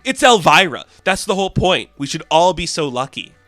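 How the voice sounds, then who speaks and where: A man's voice: a little high, sing-song, fairly quick, sharp tone, no room sound. A man casually recapping a comic book, with laughs and loose fillers.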